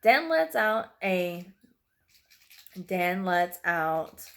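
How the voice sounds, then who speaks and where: A woman's voice: fairly low pitch, sing-song, very slow, creaky, fairly bright tone. A woman reading a horror story aloud, narrating with occasional slips she apologizes for.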